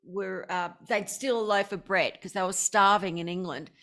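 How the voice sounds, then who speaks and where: Bubbly Australian woman, bright voice. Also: mid-range voice, steady tone, moderate pace. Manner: bubbly, enthusiastic, laughs often. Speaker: guest. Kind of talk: casual interview chat.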